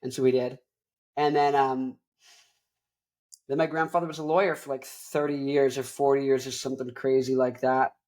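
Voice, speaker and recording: A man's voice: mid-range voice, little pitch movement, normal speed, darkish tone. A man in his twenties hosting a show, talking casually in a rambling, tangent-prone way. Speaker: host. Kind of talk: casual chat.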